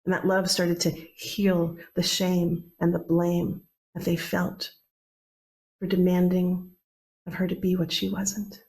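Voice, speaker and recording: A woman telling a myth in a relaxed, conversational way, with restarts and playful asides. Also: lowish voice, takes it slowly. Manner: conversational, playful, with many restarts and animated quoted voices. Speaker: storyteller. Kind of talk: oral mythtelling.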